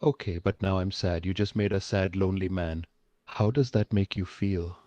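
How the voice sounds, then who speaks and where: A very deep, dark-toned AI-voiced pushy lonely man with an Indian accent, pleading in broken English right up against the mic. The sound is dry and dull, like a lo-fi synthetic recording. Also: steady tone, normal speed, no room sound, natural voice. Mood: clingy pushy. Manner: speaks low, close to the mic, broken English. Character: clingy, pushy lonely man chatting up a stranger.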